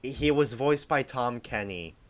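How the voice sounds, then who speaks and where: A man's voice: medium pitch, expressive, measured pace. A man in casual chat as a podcast guest, agreeable and chiming in with "yeah" a lot. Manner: agreeable, lots of yeahs and restarts.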